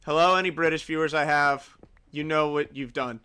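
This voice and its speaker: A man's voice: on the high side, steady tone, fairly quick, pushed and bright, clear, resonant tone. A man hosting a livestream, chatting casually and teasing his friends. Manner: joking, teasing. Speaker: streamer host.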